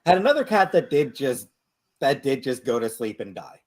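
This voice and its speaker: A person in a played clip talking flatly and meanderingly about grim things. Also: medium pitch, normal speed.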